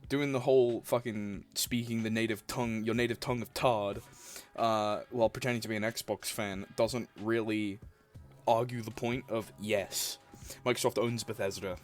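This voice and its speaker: A man's voice: fairly low pitch, steady tone, normal speed, soft background music. A young man hosting a reaction video, blunt and sarcastic, swearing often. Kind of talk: reaction commentary.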